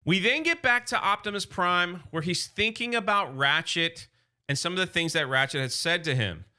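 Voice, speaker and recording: Bright-voiced, chatty male comic reviewer. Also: high voice, lively intonation, normal speed, clear, resonant tone. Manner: enthusiastic, loose paraphrasing with lots of "like". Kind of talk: casual comic book recap.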